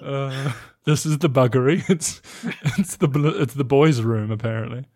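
A man co-hosting a loose, casual podcast at a home mic. He laughs a lot and teases his co-host, swearing playfully as he goes. His pitch sits right in the middle of the range. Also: moderate pace, a little mellow.

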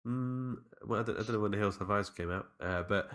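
A man's voice: fairly low pitch, brisk, a bit bright. A man co-hosting a podcast, recapping a horror film in loose, rambling casual chat that he often breaks off or laughs through. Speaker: podcast co-host.

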